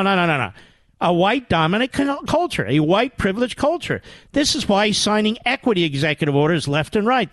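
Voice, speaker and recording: Older male radio host from Philadelphia, emphatic sarcastic delivery, pitch rises and falls widely. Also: no room sound. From Philadelphia area, US. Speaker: radio talk show host. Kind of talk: political talk radio monologue.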